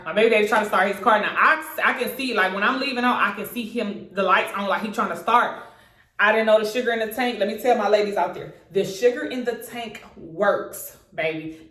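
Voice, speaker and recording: A young woman telling a casual storytime, animated, swearing freely and acting out what people said with big jumps in pitch. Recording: echoey room.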